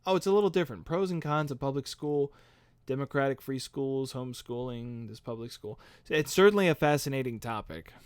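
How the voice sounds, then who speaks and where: A man's voice: medium pitch, expressive, brisk, clean tone, dry recording, studio quality. A man hosting a live stream, chatting casually and upbeat as he answers viewer comments into a microphone. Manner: chatty, upbeat and self-deprecating. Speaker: host. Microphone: studio microphone.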